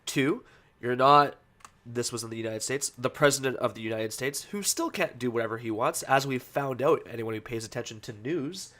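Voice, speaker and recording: A man's voice: medium pitch, lively intonation, moderate pace, a bit bright. A man hosts a casual podcast in an ordinary mid-range voice. He talks loosely and hesitantly, full of fillers and restarts, then slides into heated, profane ranting. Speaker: podcast host.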